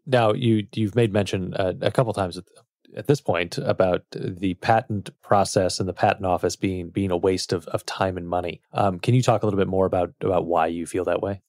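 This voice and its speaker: A man's voice: low voice, fairly even intonation, fairly quick, a little mellow, dry recording, clean studio sound. A man hosting a podcast, asking questions with hesitant restarts. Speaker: podcast host.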